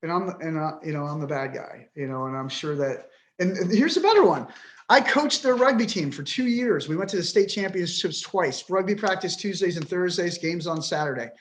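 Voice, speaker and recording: A man's voice: high voice, animated, brisk, a bit bright. A man in his fifties, a podcast guest, talking with frustration and swearing bluntly as he vents. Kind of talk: emotional interview talk.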